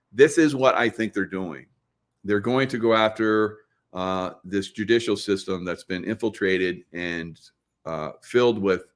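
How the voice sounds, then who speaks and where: Rambling low-voiced man commentator. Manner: rambling, many fillers and "right?" tags. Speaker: host. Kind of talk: casual political commentary.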